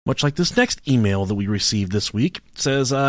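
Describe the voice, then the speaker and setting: A man co-hosting a casual podcast, dropping crude jokes as he reads out listener emails. His pitch sits right at the middle for a man, and the sound is dry and close with no room around it. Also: lively intonation, moderate pace, few pauses, dry recording. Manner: crude joking, mocking voices when quoting people. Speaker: podcast co-host.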